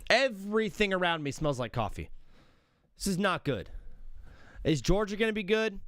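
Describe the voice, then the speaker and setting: A man's voice: high voice, big pitch swings, normal speed, fairly bright tone, dry recording, clean studio sound. A young man hosting a live sports show, rambling casually and interrupting himself as he ranks teams. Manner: rambling, self-interrupting, talks to himself while working. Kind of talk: casual live-stream commentary.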